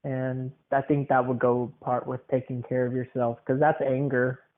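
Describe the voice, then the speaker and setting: A man hosts a casual podcast, and his voice comes through thin and tinny, like a phone line. He rambles loosely, repeats words, and fills pauses often. His pitch is average for a man. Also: flat delivery. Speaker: podcast host.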